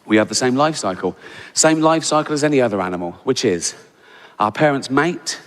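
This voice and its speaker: A man's voice: medium pitch, expressive, brisk. An older English man doing a stand-up comedy routine, sardonic and conversational, tagging his lines with "right?". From England. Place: large theatre stage before a live audience. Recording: reverberant hall with audience noise.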